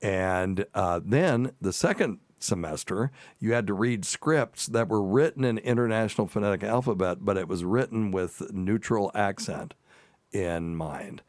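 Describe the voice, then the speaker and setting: A deep-voiced man in his sixties, a doctor who hosts a podcast, tells rambling stories with self-deprecating humor. His mild Southern accent is mostly trained out. The sound is dry and close. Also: measured pace, darkish tone, dry recording. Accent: Southern US, mostly neutralized. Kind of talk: casual chat.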